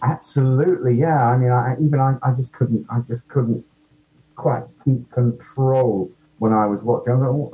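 A man's voice: mid-range voice, fairly even intonation, moderate pace, highs cut off. A man, an actor guest, chatting casually in an interview, self-deprecating and full of ums.

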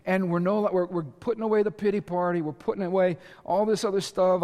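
A male pastor preaching a sermon to a congregation, energetic and emphatic, with sudden shouts and playful asides. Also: high-pitched, fairly quick, few pauses, long reverb tail. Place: church auditorium with congregation.

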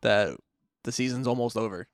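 A man's voice: mid-range voice, moderate pace, no room sound, studio quality. A man co-hosting a fantasy football podcast, chatting casually with easy chuckles. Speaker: podcast co-host. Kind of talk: casual chat.

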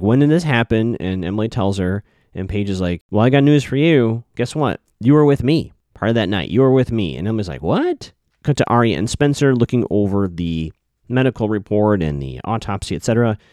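Casual male recapper, lowish voice, dry close sound, muses and self-corrects. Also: darkish tone, dry recording. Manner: thinking aloud, self-correcting, musing. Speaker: TV episode recapper.

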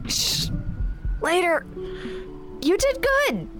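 A daring young woman in an audio drama, coaxing and confident. Her high voice rises and falls a lot as she speaks slowly, with light music playing softly behind. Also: big pitch swings, exaggerated voice. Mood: pained. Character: bold, reckless young woman mentor.

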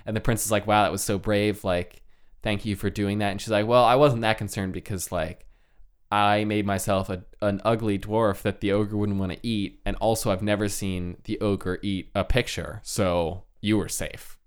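Man, low-ish voice, loose comic storyteller in casual chat. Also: fairly even intonation, moderate pace, clean tone. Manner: loose, joking retelling full of "like" and laughs. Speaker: storyteller retelling a folk tale.

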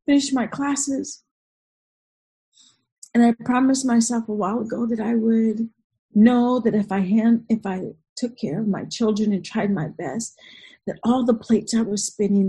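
A woman's voice: a little high, mellow, breathy edge, poor audio. A woman earnestly telling a personal story, emotional and full of restarts and vivid retellings.

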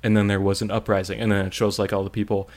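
A man chatting casually about a video game, rambling with lots of "like" and animated retelling. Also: on the low side, fast talker. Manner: rambling, frequent "like", animated storytelling. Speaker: podcast co-host reviewing a game. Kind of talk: casual chat.

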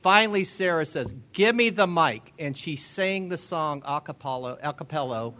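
High-voiced man hosting a charity auction. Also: animated, moderate pace. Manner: chatty, laughs often, warm asides. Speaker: event host. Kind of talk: casual event hosting.

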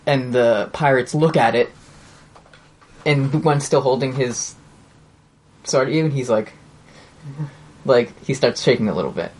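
A woman running a tabletop game as game master, narrating calmly in a measured way. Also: extremely low pitch, breathy edge.

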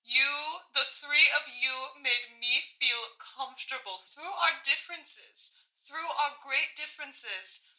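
Bright, high-voiced, theatrical mountain woman caller, played by an actress, effusive and unhurried. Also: heavily acted, poor audio. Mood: gushing. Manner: effusive, emotional, melodramatic. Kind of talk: improvised comedy character acting.

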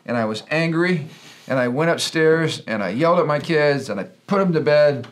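A man's voice: a little high, expressive, normal speed. A middle-aged man, a pastor and podcast co-host, talking in an earnest, preachy storytelling way. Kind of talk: casual Christian podcast talk.

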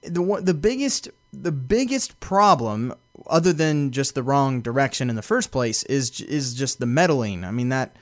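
A man's voice: medium pitch, lively intonation, moderate pace, few pauses, dry recording. A man co-hosting a casual podcast, blunt and dismissive, often stammering as he restarts his sentences. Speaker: podcast co-host.

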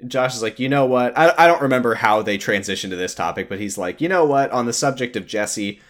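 A young man on a casual podcast recaps a show with energy, jumping in and out of the characters' lines as he goes. His voice sits at an ordinary middle pitch. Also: a little fast. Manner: animated retelling, acting out characters' lines. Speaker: podcast co-host.

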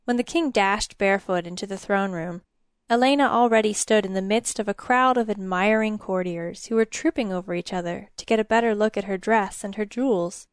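Brief: female storyteller, unhurried and expressive, mid-pitched, dry studio sound. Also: clear, resonant tone, no room sound. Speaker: narrator. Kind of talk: storybook narration.

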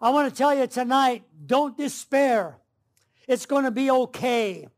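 A man preaching an evening sermon, earnest and deliberate, with frequent "uh" fillers as he works through the text. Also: very high-pitched. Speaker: pastor.

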